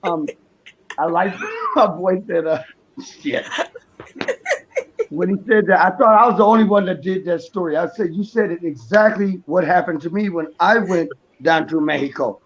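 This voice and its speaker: A man's voice: high-pitched, moderate pace, dull audio, slight background noise. A male comedian bantering on a comedy show, laughing and teasing the others.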